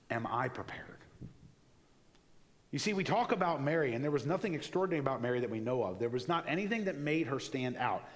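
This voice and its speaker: A man preaching a sermon in a church in a conversational, animated way, acting out little asides as he goes. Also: mid-range voice, long reverb tail. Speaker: pastor. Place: church sanctuary.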